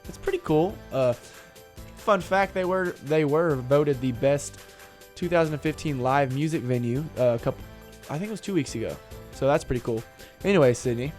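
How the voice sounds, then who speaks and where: A man's voice: a little high, normal speed, darkish tone, soft background music. A young man co-hosting a radio show in casual studio chat, telling stories and pushily egging his co-hosts on. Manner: joking, pushy, storytelling.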